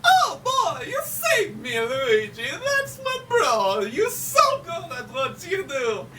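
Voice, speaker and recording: A woman's voice: very high-pitched, wildly swooping pitch, slow, a bit bright, far from the mic, slight background noise, pitched above the performer's own voice, heavily acted. A woman voicing an overjoyed rescued male plumber hero, squealing and gushing as if near tears.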